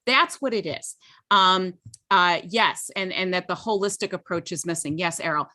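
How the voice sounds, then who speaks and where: A woman's voice: lowish voice, normal speed, bright, forceful tone. A woman co-hosting a teaching webinar over a video call, explaining in a chatty way with many fillers and frequent "okay?" checks. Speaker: webinar co-host, literacy educator.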